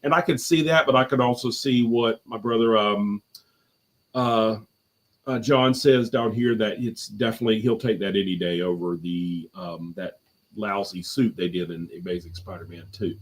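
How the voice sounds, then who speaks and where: A man's voice: fairly low pitch, moderate pace. A man chatting casually as a guest on a live movie review stream from home, rambling with lots of fillers and restarts.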